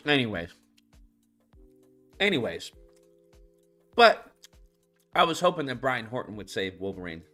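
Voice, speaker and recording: A man's voice: medium pitch, sing-song, a little slow, pauses often, pushed and bright, faint music behind. A man hosting his own commentary channel, ranting about a video game in a heated, profane way with many restarts.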